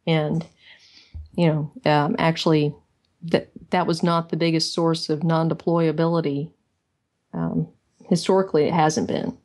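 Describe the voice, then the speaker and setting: A woman co-hosting a casual chat, explaining her point in a measured way with some fillers. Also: low voice, flat delivery, a little mellow. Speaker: co-host.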